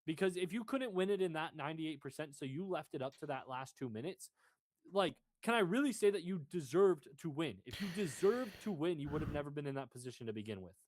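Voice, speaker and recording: A man's voice: a little high, lively intonation, fast talker, a little mellow. A young man co-hosting a casual sports podcast, swearing freely and arguing his points at length. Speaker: podcast co-host.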